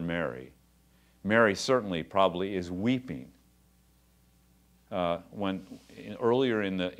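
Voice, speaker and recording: A man preaching a sermon as pastor, talking conversationally and then building to passionate, rising emphasis. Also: low-pitched. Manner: conversational asides with quiet drops.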